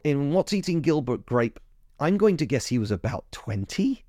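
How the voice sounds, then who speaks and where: A man hosting a podcast, talking through a film review in a chatty way, correcting himself as he goes, with his pitch jumping up when he gets keen. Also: big pitch swings, moderate pace, mellow, dry recording, clean studio sound. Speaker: podcast host.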